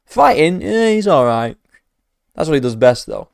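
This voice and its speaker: A man's voice: on the high side, sing-song, moderate pace, creaky, clean tone, no echo. Sarcastic ranting man, dry close mic. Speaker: MMA commentator reacting to a trailer. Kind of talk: profane reaction commentary.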